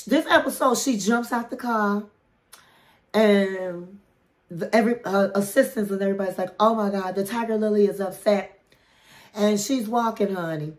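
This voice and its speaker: A woman hosting a casual reality TV recap, chatty and gossipy, calling her listeners honey. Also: mid-range voice.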